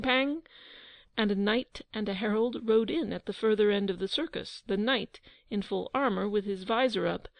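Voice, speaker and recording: Woman narrator for a children's audiobook, expressive, gravelly texture, dry close sound. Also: mid-range voice, no echo, poor audio. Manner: expressive storytelling. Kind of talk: scripted narration.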